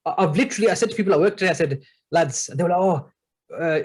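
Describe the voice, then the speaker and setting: Fast-talking, excitable man. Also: on the high side, breathy edge. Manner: excitable, swears freely, laughs often. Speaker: podcast co-host. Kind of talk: casual chat.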